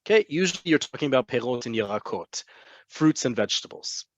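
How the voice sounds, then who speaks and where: A man teaching vocabulary in a webinar, explaining patiently and repeating words slowly for learners. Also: medium pitch, lively intonation, dry recording, lo-fi sound. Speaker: Hebrew teacher. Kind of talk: online language lesson. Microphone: computer mic on a video call.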